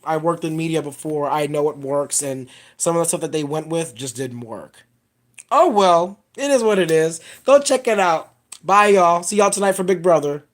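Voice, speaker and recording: A woman's voice: low voice, lively intonation, normal speed. A woman giving a casual spoiler review of a film, blunt, profane and rambling as she retells scenes. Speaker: movie reviewer.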